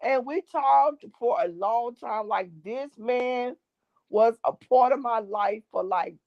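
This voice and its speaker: A woman, a guest gospel artist, telling a long story in an animated way and acting out the voices in it. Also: a little high, slow, no room sound, highs cut off. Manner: lively, acts out voices in her stories.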